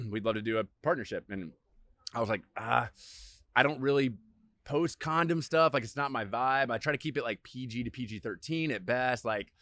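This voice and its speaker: A man's voice: mid-range voice, moderate pace, fairly bright tone, no echo. A young man guesting on a podcast, chatting in a laid-back, slangy, agreeable way. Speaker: podcast guest, social media creator. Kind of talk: casual podcast chat.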